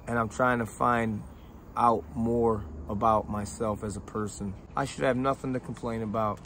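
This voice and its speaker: A middle-aged man speaking straight to his fans with raw emotion, swearing freely and stumbling over restarts as his feelings catch up with him. His voice sits at an ordinary middle pitch for a man. A faint hiss of noise runs behind him. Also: fairly even intonation, fairly bright tone. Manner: emotional, profane, halting with many restarts. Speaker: independent rapper talking to fans. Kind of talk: heartfelt, rambling direct-to-camera talk.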